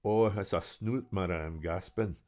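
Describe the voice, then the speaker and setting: A man's voice: deep voice, moderate pace, warm tone, natural voice. A man voicing a dazed, injured man who slips into a thick Geordie accent and mumbles broad slang. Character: dazed upper-class man slipping into Geordie.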